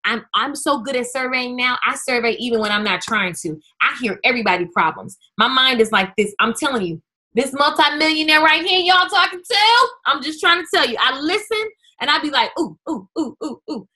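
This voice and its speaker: High bright-voiced woman coaching excitedly. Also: a little fast. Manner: energetic, chatty, talks straight to viewers. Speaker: business coach hosting a webinar. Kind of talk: live webinar talk.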